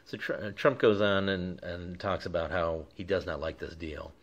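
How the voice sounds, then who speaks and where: A man's voice: deep voice, fairly even intonation, moderate pace, highs cut off. A man giving casual political commentary, reading out passages and talking them through with fillers and restarts. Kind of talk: commentary reading out quoted transcripts.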